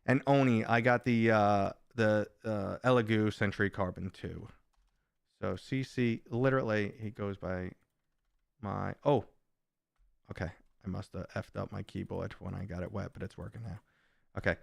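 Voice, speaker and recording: A man's voice: fairly low pitch, steady tone, a little slow, vocal fry, no room sound, clean studio sound. A middle-aged man chatting casually on a live stream, rambling and joking while reading viewers' comments aloud.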